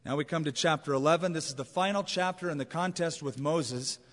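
A man's voice: fairly high pitch, fairly quick, a bit bright. A man preaching a sermon as a pastor, in a conversational, emphatic way with anecdotes. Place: large church auditorium. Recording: long reverb of a large hall.

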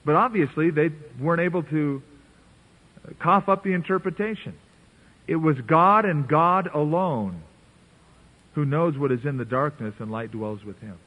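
A pastor with a slightly rough, fairly high voice preaches at a moderate pace. His sermon is earnest and conversational, and he playfully voices the biblical characters as he reads. It sounds like a tinny, phone-like radio broadcast.

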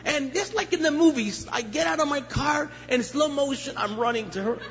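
A middle-aged man preaches a testimony sermon as an animated storyteller, acting out each scene. His voice sits high for a man and swings from loud to hushed. The recording is dull and soaked in long hall reverb, with faint noise underneath. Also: brisk. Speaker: guest pastor. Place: church sanctuary.

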